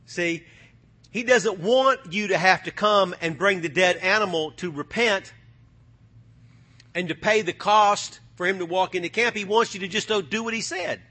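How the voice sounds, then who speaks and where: A male pastor preaching a sermon with call-and-response, folksy speech, swinging from soft to loud. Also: high-pitched, moderate pace. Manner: folksy, drawls phrases like y'all and ain't.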